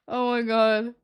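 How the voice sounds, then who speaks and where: A woman's voice: fairly high pitch, a little mellow, clear, resonant tone. A young woman streamer telling a story to her chat in a casual, chatty way, laughing often.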